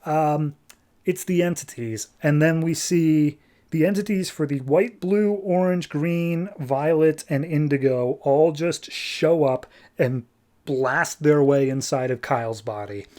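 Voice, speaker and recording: A man hosting a podcast, casually retelling a comic book story and slipping into quick character voices. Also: fairly high pitch, darkish tone. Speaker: podcast host.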